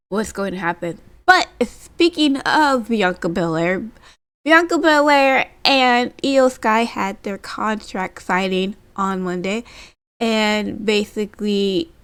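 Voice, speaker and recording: A woman talks in a relaxed, chatty way, spilling details with plenty of filler words. She breaks into little acted-out quotes as she goes. Faint guitar music plays quietly in the background. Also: medium pitch. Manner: animated recapping, acting out quotes, frequent fillers. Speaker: wrestling commentary vlogger. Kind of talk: casual chat.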